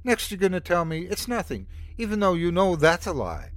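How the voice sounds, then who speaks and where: A man's voice: on the high side, very animated, normal speed, no echo, voice pushed up. A man voicing a frightened, sarcastic woman. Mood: insistent. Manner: shaky, sarcastic, urgent. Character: frightened woman trapped in a car.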